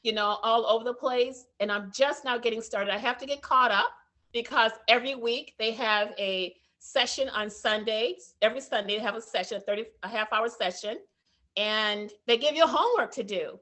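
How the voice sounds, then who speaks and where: Woman consultant, earnest and reflective, slightly high voice. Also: normal speed, fairly bright tone. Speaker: consultant on the call. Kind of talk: call testimonial.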